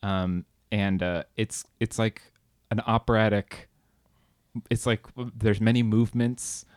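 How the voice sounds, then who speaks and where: A man co-hosting a podcast, recommending a song in a halting, amused, self-deprecating way. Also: on the low side, steady tone, darkish tone, no echo, clean studio sound. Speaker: podcast co-host. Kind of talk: casual chat, music recommendation.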